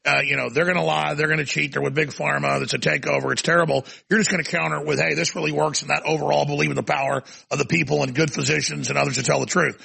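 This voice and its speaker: A male talk show host ranting forcefully through a heated interview. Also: on the high side, steady tone, rapid-fire, gravelly, hardly any pauses, slightly rough.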